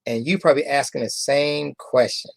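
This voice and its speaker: A man's voice: mid-range voice, steady tone, gravelly, dry recording. A man, a company founder, telling a motivational story to members, repeating phrases for emphasis and asking the audience rhetorical questions. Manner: repeats phrases for emphasis, drawn-out key words.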